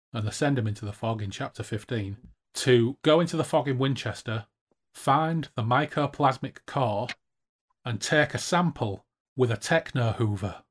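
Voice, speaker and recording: A man's voice: mid-range voice, slightly rough. A man casually summarising a novel's chapters for a book-club podcast, chatty with frequent restarts.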